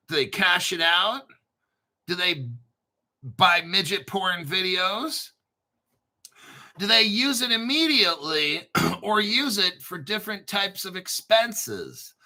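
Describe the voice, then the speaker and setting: A man hosting a crypto commentary stream, talking sarcastically with dramatic asides and frequent throat clearing. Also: high-pitched, bright, forceful tone, poor audio. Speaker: crypto channel host.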